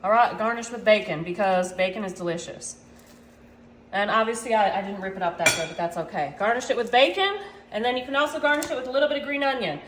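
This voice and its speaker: A woman's voice: mid-range voice, quick pace, fairly bright tone, slight background noise. A woman hosting a casual cooking demonstration in her home kitchen, chatting to viewers and calling them y'all as she goes. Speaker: cooking channel host. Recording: echoey kitchen with clattering dishes.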